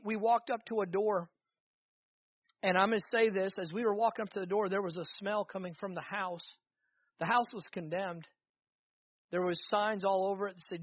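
High voiced pastor guy preaching hard, repeats himself a lot, kinda muffled dry sound. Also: dry recording. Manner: preaching with rising fervor, repetitive emphatic phrases. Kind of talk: sermon.

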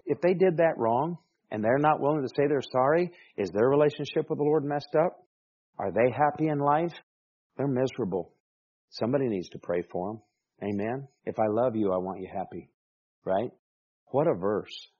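A man preaching a sermon as pastor, emphatic, dropping soft and then rising to loud exclamations. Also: fairly low pitch. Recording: dull lo-fi recording.

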